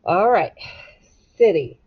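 A woman teacher giving a recorded phonics lesson to children, slowly sounding out letters and words in a clear, encouraging way. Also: fairly low pitch, big pitch swings, dull audio.

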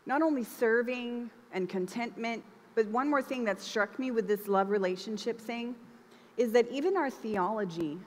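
A young woman preaching a sermon in a church, conversational and expressive, acting out the lines she quotes. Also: a little high. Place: church hall. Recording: reverberant church hall.

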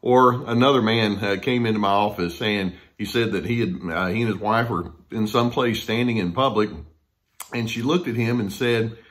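A man's voice: fairly low pitch, steady tone, moderate pace, fairly bright tone. A male counselor speaks conversationally to the camera, acting out the people he quotes. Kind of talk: talking to camera about difficult people.

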